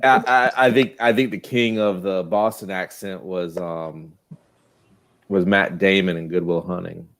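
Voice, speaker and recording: Southern guy rambling on a stream, lowish voice, laughs a lot. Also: steady tone, unhurried, a bit bright. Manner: rambling, laughs often, many restarts. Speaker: co-host. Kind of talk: casual livestream chat.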